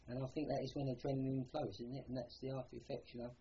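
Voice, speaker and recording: Older Cockney man, mellow and rambling. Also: mid-range voice, little pitch movement, very fast, lo-fi sound, slight background noise. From London. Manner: rambling, plain-spoken, peppered with "you know". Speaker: war veteran interviewee. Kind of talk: oral history recollection.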